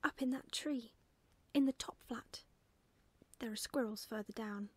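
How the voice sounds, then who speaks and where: A woman voicing a timid, curious baby barn owl boy, soft and hesitant, in a whispered role-play for a storybook. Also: fairly high pitch, unhurried, husky, no room sound. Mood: wondering.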